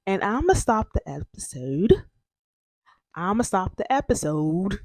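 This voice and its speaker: A woman's voice: mid-range voice, big pitch swings, a little slow, darkish tone, no room sound, studio quality. A young woman hosting a podcast, telling her own story in a chatty way, full of fillers and self-corrections. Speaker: podcast host.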